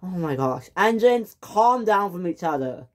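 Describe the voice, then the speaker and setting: A woman's voice: on the low side, very animated, unhurried, voice pushed up. A woman voicing a stern, fussy man in charge of the railway who gives exasperated orders. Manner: bossy, exasperated commands.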